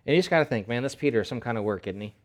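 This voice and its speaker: A male pastor gives a sermon in a chatty, animated way. He sits at a middle pitch and leans on repeated phrases. He drops into a softer voice for key points. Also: rapid-fire. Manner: animated, conversational preaching with emphatic repetition.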